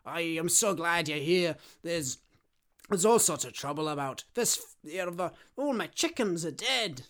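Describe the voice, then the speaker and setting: A man's voice: fairly high pitch, animated, moderate pace, a bit bright. A man voicing a fretful male fantasy peasant farmer in a made-up rustic accent that belongs nowhere. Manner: anxious, folksy storytelling.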